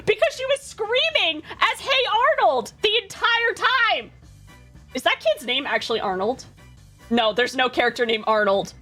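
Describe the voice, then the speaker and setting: A woman streamer from Canada chatting with chaotic, excitable energy and plenty of swearing. Her voice sits high and bright and swings widely in pitch. Faint music plays in the background. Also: unhurried. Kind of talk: casual chat.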